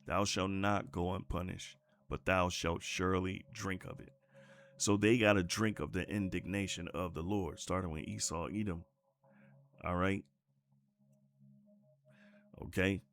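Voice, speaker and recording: A man's voice: sits low, gravelly. A man preaching a sermon in a casual, conversational way, reading scripture aloud and often restarting his sentences.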